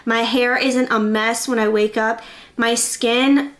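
A young woman vlogging from her bedroom in a chatty, excitable, rambling way. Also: on the high side, slow pace. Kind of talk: casual vlog chat.

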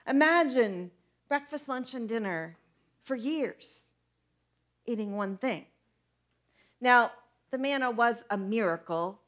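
A young woman pastor preaches a conversational, animated sermon, asking the congregation questions as she goes. Her voice is a little high, and she speaks slowly with frequent pauses.

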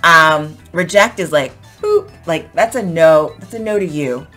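A woman's voice: low voice, expressive, unhurried, a bit bright, faint music behind. A young woman teaching English vocabulary in a casual, chatty way, acting out example sentences with plenty of "um"s. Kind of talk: casual explanatory vocabulary lesson.

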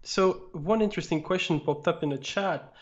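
Male co-host, higher voice, relaxed guide for a live tutorial. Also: normal speed, highs cut off. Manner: relaxed, suggests steps and relays chat questions. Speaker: product specialist and co-host. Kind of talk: live-stream software tutorial Q&A.

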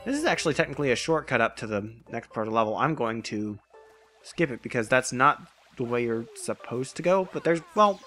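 A man's voice: medium pitch, animated, brisk, a bit bright, soft background music. A man casually narrating his gameplay, rambling with frequent restarts and jokes about puns. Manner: rambling, self-correcting, jokey about puns. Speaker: let's play host.

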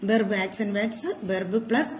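A woman teacher, explaining grammar slowly and deliberately, word by word. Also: mid-range voice, fairly even intonation, a little hiss or hum. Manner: slow, deliberate word-by-word explanation with asides in a regional language. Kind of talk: grammar lesson for school pupils.

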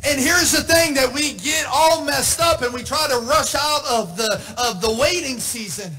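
High-voiced impassioned male preacher. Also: normal speed, soft background music. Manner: impassioned, shouting, half-singing, playful asides. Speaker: pastor. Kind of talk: sermon. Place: church.

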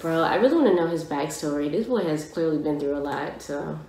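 Young female reaction vlogger, lower register, emphatic casual delivery, roomy echo. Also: fairly quick, a little hiss or hum. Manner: excitable, emphatic, slangy. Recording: echoey room.

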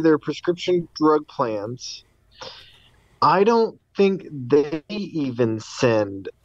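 A man's voice: medium pitch, dry recording, muffled recording. A man co-hosting a podcast, asking skeptical questions in casual chat. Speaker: podcast co-host.

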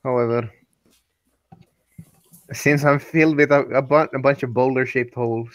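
A man's voice: medium pitch, fairly even intonation, moderate pace, no room sound. A man playing in a tabletop game, with wry, laid-back banter. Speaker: player. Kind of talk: casual tabletop game chat.

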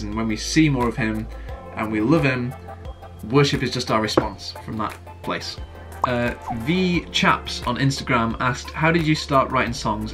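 A man's voice: mid-range voice, a bit bright. Young man, earnest, casual vlog Q&A, songwriting tips, faint guitar behind. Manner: earnest, sings example lines himself. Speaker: worship songwriter answering viewer questions.

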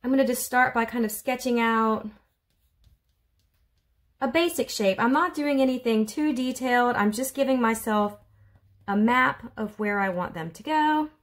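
This Southern-accented art teacher speaks at a normal pace in a slightly high voice. Recording a home video lesson for kids on her phone camera, she stays friendly and talkative, narrating as she sketches in a room of her house.

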